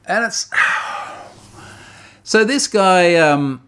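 Animated man telling a story. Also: mid-range voice, slight background noise. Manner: animated, repeats words while recounting, quick to laugh. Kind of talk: casual storytelling chat.

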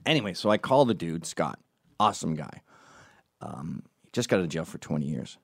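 A man with a deep voice and vocal fry tells stories in a brisk, casual monologue, rambling, swearing and veering off on tangents. He's lively and acts out the voices of the people he quotes. The studio sound is clean, with no echo.

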